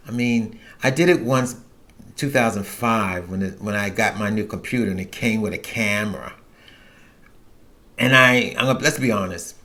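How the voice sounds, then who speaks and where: A man's voice: on the low side, moderate pace, bright, forceful tone. A middle-aged man hosting his own show, telling a frank personal story in a rambling way, full of restarts and quoted asides. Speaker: podcast host.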